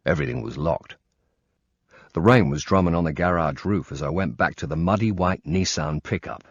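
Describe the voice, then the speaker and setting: A man reading a first-person thriller audiobook in a tense, measured way. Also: low-pitched, creaky, no echo. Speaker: audiobook narrator. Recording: dull lo-fi recording.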